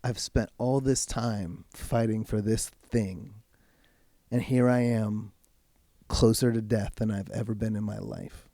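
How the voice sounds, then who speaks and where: A man speaking as a podcast guest, telling a personal story in a frank, casual way and swearing freely, slowing right down when he wants to stress a point. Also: on the low side, steady tone, gravelly, dark tone, no echo, clean studio sound. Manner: slows right down for emphasis. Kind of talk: candid personal storytelling in conversation.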